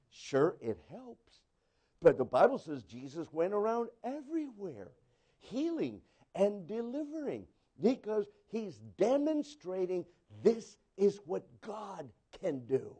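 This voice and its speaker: High-pitched, slow-preaching male pastor. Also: huge pitch swings, husky. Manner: preaching with swings between loud exclaiming and hushed asides, acting out quoted voices. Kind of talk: sermon.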